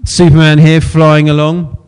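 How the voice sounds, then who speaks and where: A man's voice: on the high side, completely flat delivery, a little slow, a little mellow, smooth. Chatty, joking male preacher. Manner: chatty, self-deprecating, laughs often. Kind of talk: sermon.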